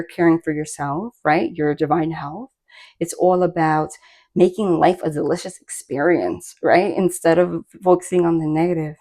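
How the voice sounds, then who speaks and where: A woman giving a casual spoken tarot reading, chatty and rambling, with many fillers and restarts. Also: on the low side. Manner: bursts of laughter and excited asides. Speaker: tarot reader.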